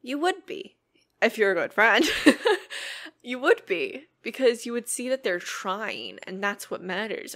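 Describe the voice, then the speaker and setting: A woman's voice: mid-range voice, fairly bright tone. A young adult woman hosting her own podcast, talking earnestly and reflectively in a casual, rambling way with many filler words. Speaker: podcast host. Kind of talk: casual solo podcast talk.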